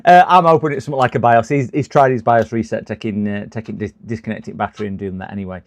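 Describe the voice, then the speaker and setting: Gravelly man chatting. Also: on the low side, quick pace. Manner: chatty, rambling, laughs to himself. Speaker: computer repair streamer. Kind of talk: casual live-stream commentary while repairing.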